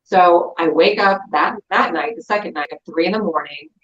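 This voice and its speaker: A middle-aged woman, a guest, telling a story in an animated, lively way over a video call. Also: fairly low pitch, normal speed, reverberant, lo-fi sound. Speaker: guest, crystal seller. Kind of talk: casual storytelling chat.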